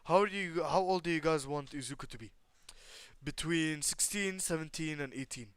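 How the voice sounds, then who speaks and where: A man spinning a casual, improvised story, rambling through endless fillers and restarts while talking to his viewers. His voice sits a bit high and stays smooth and clear. The sound is close and dry. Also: normal speed, a bit bright, dry recording.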